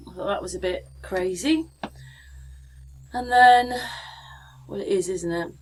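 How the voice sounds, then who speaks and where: A chatty woman talks her viewers through pictures on screen. Her voice sits at an ordinary middle pitch. She rambles and asks them questions as she goes. Soft music plays faintly behind her. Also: slightly rough, rough recording. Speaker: channel host. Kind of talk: casual screen-share commentary.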